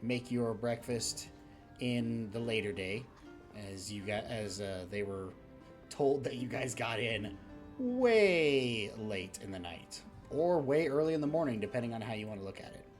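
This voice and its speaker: A man's voice: mid-range voice, animated, measured pace. Game master, male, casual narration of a tabletop game, mid-range voice, faint music bed. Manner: casual, with fillers and restarts.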